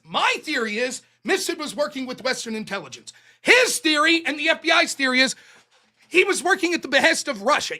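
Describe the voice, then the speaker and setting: A man's voice: very high-pitched, pushed and bright. A man hosting a political call-in stream, arguing hard and swearing, then reading donations aloud. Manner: combative, profane, rapid-fire questioning. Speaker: call-in show host.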